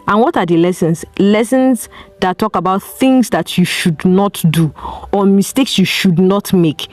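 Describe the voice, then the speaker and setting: With a medium-pitched, somewhat mellow voice and no echo, a Nigerian-accented woman hosts a solo advice podcast. Her tone is earnest and preachy as she strings together rhetorical questions.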